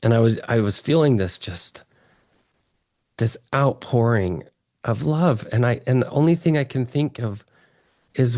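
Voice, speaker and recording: A man from Texas telling his story as an interview guest, earnest and excitable, often restarting his phrases. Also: medium pitch, unhurried, pauses often, no room sound, studio quality. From Texas, USA.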